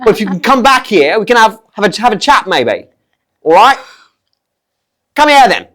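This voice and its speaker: A man putting on a loud, brash Cockney voice to coax a dog. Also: sits high, big pitch swings, moderate pace, voice pushed up, heavily acted. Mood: cheeky. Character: loud cheeky Cockney lad coaxing a dog.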